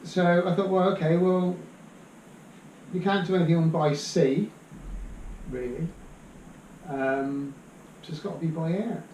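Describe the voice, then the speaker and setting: A man, a guest answering questions in a hesitant, mild way that trails off softly. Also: on the high side, a little slow, pauses often, lo-fi sound. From Bristol, England. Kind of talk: casual interview chat. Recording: echoey room, distant mic, faint hiss.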